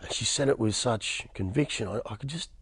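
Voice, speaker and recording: A man's voice: mid-range voice, brisk, husky, dry recording, clean studio sound. A man in his thirties with an Australian accent, giving an emphatic personal testimony as an interview guest, often repeating words and restarting. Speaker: interview guest, motivational speaker.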